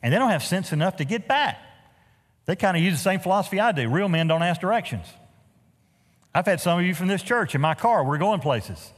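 Animated male pastor preaching in a reverberant hall. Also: sits high, fairly quick. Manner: animated storytelling with humorous asides. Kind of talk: sermon. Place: church sanctuary.

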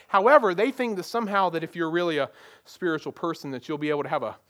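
A man's voice: fairly high pitch, quick pace, fairly bright tone. A man preaching a sermon as pastor, plain and conversational, leaning on rhetorical questions. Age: adult parent.

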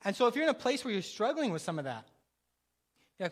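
High-voiced man preaching a sermon. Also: very animated, quick pace. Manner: preaching with rising and falling intensity, repetitive emphatic phrasing. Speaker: pastor.

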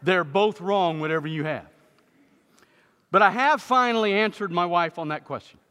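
A man preaching a sermon in a church, telling humorous stories and building to loud emphatic moments. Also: high voice, moderate pace, clear, resonant tone. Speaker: pastor. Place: church sanctuary. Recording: long hall reverb.

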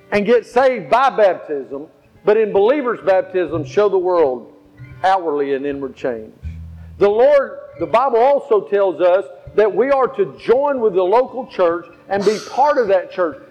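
Emphatic high-voiced male preacher. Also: expressive, unhurried. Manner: emphatic, repeats phrases for stress. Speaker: pastor. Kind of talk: sermon with storytelling. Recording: slightly dull, faint guitar behind.

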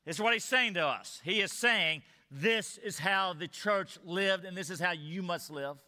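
A man preaching a sermon as a pastor, earnest, rising to emphatic peaks and dropping low. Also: moderate pace, bright, forceful tone. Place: church sanctuary. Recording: long hall reverb.

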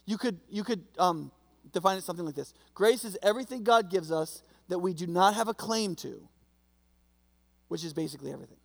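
Man, pastor, sermon, conversational, gravelly, high-pitched, long church reverb. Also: fairly quick. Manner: conversational, storytelling, checks in with listeners.

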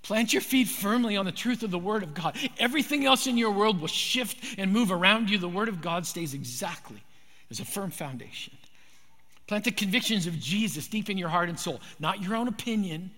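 A man preaching a sermon in a high, bright, forceful voice. He drives his points home with emphatic, repeated phrases, and a long hall reverb trails his words. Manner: emphatic, repetitive preaching cadence. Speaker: pastor.

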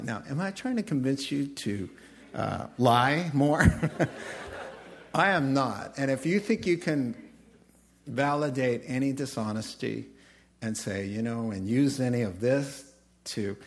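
A man preaching a sermon, telling stories with animated voices and laughter. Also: medium pitch. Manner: animated storytelling, acting out characters with laughs. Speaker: pastor.

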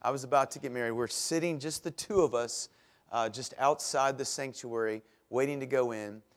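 A middle-aged man preaching a sermon as pastor, telling stories in a chatty way with self-deprecating humor that grows animated at the punchlines. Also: moderate pace. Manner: animated, rises in pitch and volume at punchlines.

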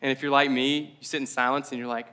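A man preaching a casual, conversational sermon, slowing down for emphasis and adding rambling asides. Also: mid-range voice, level tone, sharp tone, clean tone. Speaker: pastor. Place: church service.

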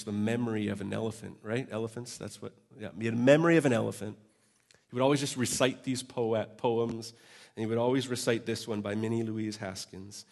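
A man preaching a sermon at a church service, earnest and emotional, with self-deprecating asides. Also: lowish voice. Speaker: pastor.

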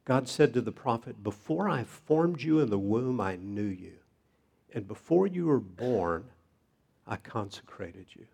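A man preaching a sermon, reading scripture in a measured way. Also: mid-range voice, expressive, vocal fry, darkish tone, husky. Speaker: pastor.

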